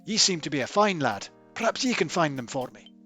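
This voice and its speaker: A man's voice: a little high, big pitch swings, fairly quick, sharp tone, faint music behind, pitched above the performer's own voice. A man putting on a muddled old man with a Scottish brogue. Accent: put-on Scottish. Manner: rambling, contradicts himself, muddled. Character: forgetful old male dwarf-like tinkerer. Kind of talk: reading game dialogue aloud.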